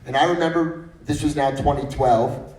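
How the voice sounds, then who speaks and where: A man in his thirties, a guest speaker with a steady, slightly mellow voice on the high side, talks at a moderate pace at a breakfast meeting. His faith-based storytelling talk is anecdotal and humorous, full of funny stories and frequent restarts, and he sounds roomy and somewhat distant.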